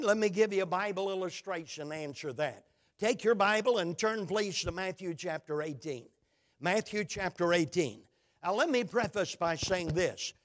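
A male preacher delivering a sermon, speaking emphatically and asking his congregation questions. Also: high voice.

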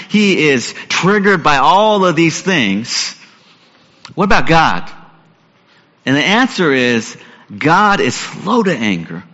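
A man's voice: a little high, bright, forceful tone. A man preaching a sermon in an earnest, conversational way, asking his listeners questions. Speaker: pastor. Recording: echoey hall, dull lo-fi sound.

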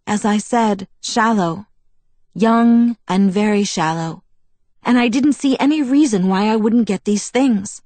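A woman's voice: medium pitch, unhurried, a little mellow, no room sound, lightly acted. Woman reading proud bitter young vampire lady, self-mocking and wistful, dry close audiobook sound.

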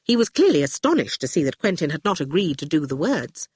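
An audiobook narrator reads scripted narration expressively, letting the voice drop for speech tags. The intonation is animated, rising and falling widely. The sound is close and dry. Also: medium pitch, fairly quick, few pauses, slightly rough, dry recording.

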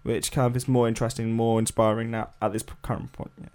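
A man's voice: mid-range voice, little pitch movement, quick pace, a little mellow. A man co-hosting a casual music podcast, rambling with lots of fillers. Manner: rambling, many fillers and hedges. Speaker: podcast co-host. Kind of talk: casual chat.

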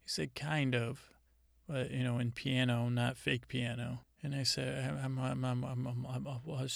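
A man hosting a comedy podcast, retelling a conversation in a rambling, deadpan way with many halting restarts. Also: medium pitch, vocal fry, dry recording, studio quality.

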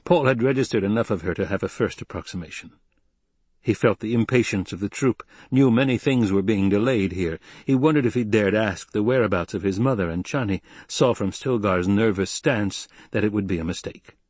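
Narrateur au timbre grave et sec. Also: male voice, lowish voice, brisk, darkish tone, breathy edge, dry recording. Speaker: audiobook narrator. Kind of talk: scripted narration.

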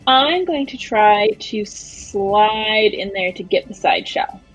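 A woman's voice: medium pitch, lively intonation, takes it slowly, soft background music, low-quality recording. A woman who is a player in a tabletop game, speaking tentatively with fillers. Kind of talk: tabletop role-play.

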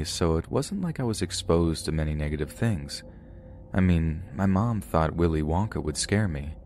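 A man reading a first-person scary story as a narrator, grave and steady. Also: sits low, slight background noise. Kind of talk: scripted horror story narration.

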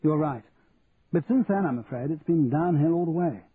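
A man voices a witty, upper-class English lady who teases her guests in a posh drawl, pitching fairly high above his own voice. The delivery is animated, slightly rough and at normal speed, with a teasing mood, over tinny, phone-like audio with faint hiss.

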